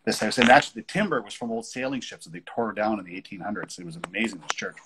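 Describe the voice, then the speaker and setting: A man's voice: lowish voice, expressive, fast, noisy background. A man who works as a paranormal investigator, chatting casually and telling stories, laughing at his own jokes. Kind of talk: casual conversation.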